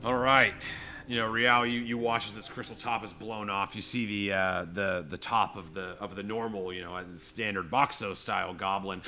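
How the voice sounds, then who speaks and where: A man narrating a tabletop game as game master, animated and loose, casually swearing. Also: fairly low pitch.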